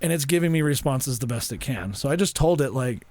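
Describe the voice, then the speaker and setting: A young man co-hosting a podcast, chatting casually and acting out what people said in lively voices. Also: mid-range voice, quick pace, few pauses, no echo. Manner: animated storyteller, acts out quotes in voices. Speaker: podcast co-host.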